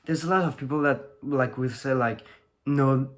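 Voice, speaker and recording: French teen dude vlogging in english, french accent, lots of like and uh, mid pitch. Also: male voice, a little fast. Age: teens. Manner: rambling, many fillers and restarts. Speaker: fitness vlogger. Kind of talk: casual talk to camera.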